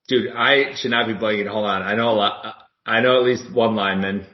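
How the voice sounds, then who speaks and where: A man's voice: on the low side, fairly even intonation, fairly quick. A man co-hosting a casual sports podcast, swearing, laughing a lot and fumbling for names. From Milwaukee. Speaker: podcast co-host. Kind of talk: casual chat. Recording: dull lo-fi podcast audio.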